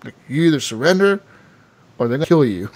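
A man's voice: medium pitch, a little fast. A young man co-hosting a casual gaming podcast, telling stories animatedly and acting out the characters. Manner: animated storyteller, acts out game characters. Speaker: podcast co-host.

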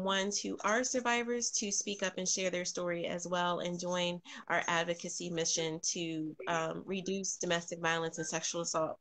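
A woman's voice: medium pitch, a bit bright. A woman hosting a live podcast stream, greeting viewers by name and making announcements with frequent ums. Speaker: podcast host.

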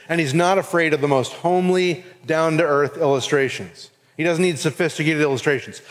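A man giving an earnest sermon as pastor with a Southern US accent. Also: a little high. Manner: earnest preaching, acts out quoted voices. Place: church sanctuary. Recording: long reverb of a hall.

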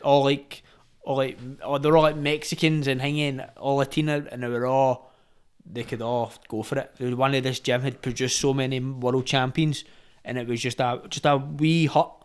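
Young Glaswegian man, smooth clear voice, casual podcast yarn with restarts. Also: medium pitch, little pitch movement, normal speed. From Scotland. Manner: storytelling, lots of fillers and restarts. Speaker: podcast guest, boxer. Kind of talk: casual chat.

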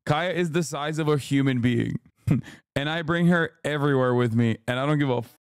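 A man streaming, giving loud, joking, profane commentary as he reacts to videos and laughs often. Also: a little high, normal speed, smooth, no echo, clean studio sound.

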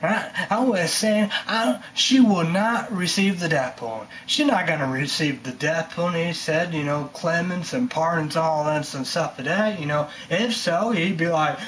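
A man's voice: fairly high pitch, normal speed, a bit bright, slight background noise. A man talking in a casual, rambling monologue, repeating himself and leaning on fillers. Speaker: vlogger ranting on camera.

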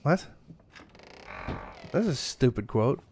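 A man's voice: a little high, animated, a little slow, slight background noise. Sarcastic, swearing streamer man. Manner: sarcastic, joking, profane. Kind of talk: profane let's play commentary.

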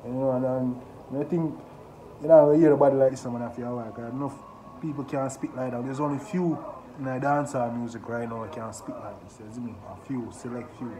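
A Jamaican man hosting a casual music reaction, talking excitedly and often asking "you see me?". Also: mid-range voice, fairly quick. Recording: echoey room with background noise.

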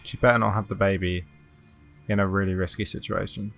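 A man with a Southern English accent and Australian slips, chatting excitably through a game and swearing a lot. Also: deep voice, brisk, gravelly, faint music behind. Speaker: let's play host. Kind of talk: casual gameplay commentary.

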